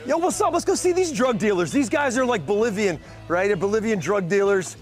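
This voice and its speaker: A man's voice: sits high, expressive, fairly quick. A man hosting a show, greeting people and joking crudely as he walks through a venue, a bit out of breath. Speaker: show host. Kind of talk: casual walk-through vlog. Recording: music playing loud behind.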